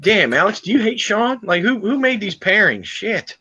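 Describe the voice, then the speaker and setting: A man with a fairly high, bright voice jokes crudely and bluntly in a casual group chat. His voice comes through a dull, lo-fi call line. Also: very animated, moderate pace, slightly rough. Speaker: co-host panelist. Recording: lo-fi call audio.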